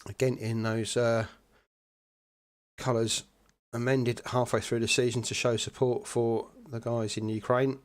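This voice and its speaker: A man's voice: mid-range voice, a little slow. Male sim racing commentator, conversational live play-by-play, mid-range voice. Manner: chatty, relaxed, many fillers.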